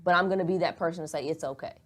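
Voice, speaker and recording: A young woman with a lowish voice, chatting on a podcast. She talks frankly and earnestly, rambles, and swears without a second thought. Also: racing, a little hiss or hum. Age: young adult. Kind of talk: casual podcast chat.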